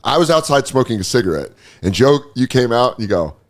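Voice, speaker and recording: A man's voice: medium pitch, quick pace. A man in his thirties, a comedian telling a story in casual chat, acting out quotes and laughing as he goes. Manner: animated, acts out quotes, laughs mid-story.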